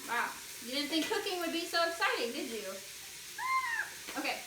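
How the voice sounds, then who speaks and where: A woman's voice: high-pitched, expressive, fast talker, reverberant, background noise. A young woman hosting a casual cooking tutorial, chatty and self-deprecating, joking through her kitchen mishaps. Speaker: library cooking tutorial host. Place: home kitchen.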